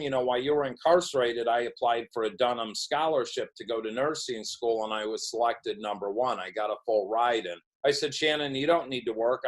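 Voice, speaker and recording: A man's voice: medium pitch, poor audio. A middle-aged man, a podcast guest, telling his recovery story and acting out other people's dialogue. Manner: storytelling, acts out quoted dialogue. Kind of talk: recovery story told in an interview.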